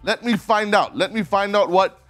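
A man's voice: high-pitched, moderate pace, fairly bright tone, faint music behind. Upbeat Singaporean male talk show host. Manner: upbeat, salesy, urging viewers to share. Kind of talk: live web talk show hosting.

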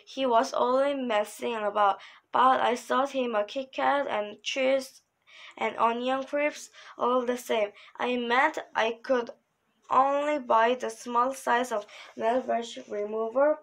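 A woman reading a children's novel aloud in a steady, unhurried way. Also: a little high, rough recording. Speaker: reader.

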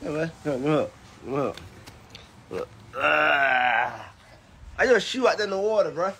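A man's voice: on the high side, lively intonation, measured pace, creaky, sharp tone. A young man and father, chatting casually on a vlog while he films his toddler, laughing and teasing in a loose, profane way. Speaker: vlogger and father. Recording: noisy home video.

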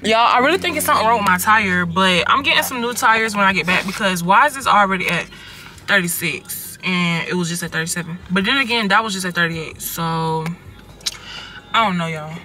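A young woman vlogging from her car, chatting casually to her phone camera in a slangy, expressive way, swearing freely. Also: mid-range voice, a little fast. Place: inside a car, on the road.

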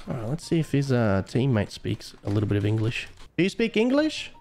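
A young man chats on a live stream, his voice sitting fairly high. He teases and mocks the players he talks to, keeping a playful, goading tone throughout. Light music plays faintly behind him. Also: very animated, moderate pace, a little mellow. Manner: teasing, mocking, playful. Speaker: game server admin streamer. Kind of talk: casual live-stream chat.

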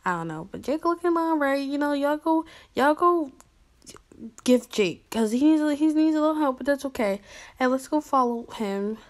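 A woman's voice: high-pitched, expressive, moderate pace. A woman vlogging casually, replying to fan messages in a playful, slangy, upbeat way and talking straight to her viewers. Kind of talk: casual chatty vlog.

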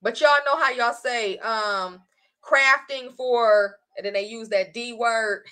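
Chatty high-voiced woman on a livestream. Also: takes it slowly. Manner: chatty, animated, addresses viewers as y'all. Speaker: online course creator. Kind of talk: casual live-stream chat.

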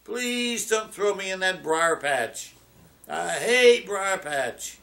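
A man putting on a high, pleading trickster rabbit. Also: expressive, slow, creaky, pushed and bright, heavily acted. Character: desperate pleading male cartoon rabbit, tricky. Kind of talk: folk tale retelling in a sermon.

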